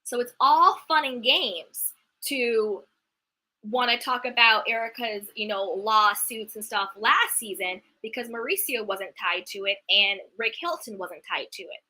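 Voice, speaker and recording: Bright sharp voiced woman ranting about reality tv, kinda high, fired up, lots of "like". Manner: indignant, animated, talks fast with filler "like". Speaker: reality TV recap host. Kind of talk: heated commentary rant.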